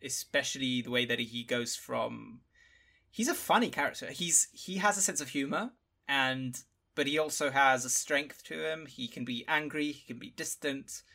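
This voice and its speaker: A man's voice: mid-range voice, normal speed, creaky, sharp tone. A man co-hosting a podcast, talking through a film in a casual, thoughtful way and searching for words as he goes.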